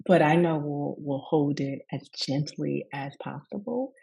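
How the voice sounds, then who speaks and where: A woman from the Deep South, a yoga teacher telling a personal story in conversation and often breaking into laughing asides and tag questions. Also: unhurried, creaky, dark tone, slightly rough, low-quality recording.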